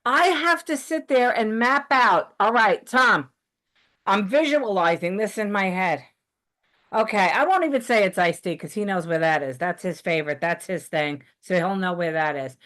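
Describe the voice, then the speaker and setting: A woman hosting a podcast, ranting in a heated, profane, animated way in casual chat. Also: mid-range voice, moderate pace. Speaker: podcast host.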